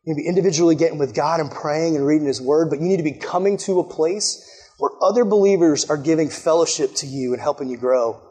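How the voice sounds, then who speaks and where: A young man preaching a sermon as a youth pastor, energetic and excitable, acting out quoted voices as he goes. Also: a little high, fast talker, breathy edge.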